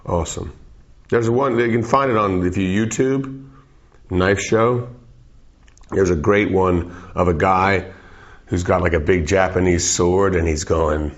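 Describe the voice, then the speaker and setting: Heard through a dull, lo-fi recording, a deep-voiced man in his 40s speaks at a measured pace. This musician answers interview questions in a goofy, meandering way, cracking jokes and cutting himself off.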